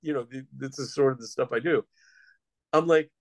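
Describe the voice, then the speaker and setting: A man's voice: mid-range voice, normal speed, no echo. A man hosting a casual film-review chat, blunt and sardonic, with some swearing. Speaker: podcast host, film reviewer.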